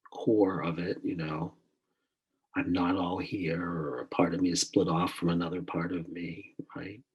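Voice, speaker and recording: An older man, a therapist, telling a client story and teaching in a reflective, halting way. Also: sits low, vocal fry, a little mellow, breathy edge, poor audio. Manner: reflective, halting, many fillers. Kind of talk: teaching monologue with a case story.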